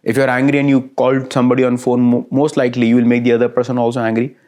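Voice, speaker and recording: A man lecturing at an ordinary middle pitch. He talks in a lively way, builds repeated lists of phrases and keeps checking that his listeners follow him. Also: very fast. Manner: lively, asks listeners frequent checking questions. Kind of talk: recorded classroom lecture.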